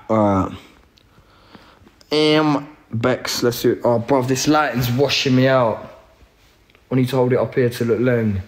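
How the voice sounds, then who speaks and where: A man's voice: medium pitch, takes it slowly, long pauses. A young man, chatting casually on a phone live stream, laid-back and slangy with plenty of swearing. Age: 20s. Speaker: livestream host.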